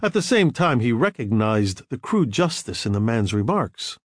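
A man narrating an audiobook in a measured, even manner. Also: medium pitch, breathy edge, no room sound, clean studio sound.

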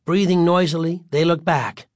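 Guy reading a kids story, kinda high voice, dry close sound. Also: fairly even intonation, moderate pace, dry recording. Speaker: narrator. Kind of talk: storybook narration.

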